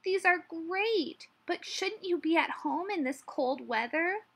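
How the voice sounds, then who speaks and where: A woman's voice: extremely high pitch, lively intonation, takes it slowly, voice pushed up, heavily acted. A woman voicing a friendly, cheerful otter in a storybook, drawing her words out.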